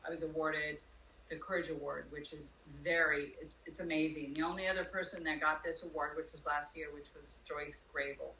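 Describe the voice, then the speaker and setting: An older woman, a former pro wrestler and podcast guest, telling stories in animated casual chat. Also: deep voice, brisk. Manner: animated storyteller. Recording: echoey room, distant mic, faint noise.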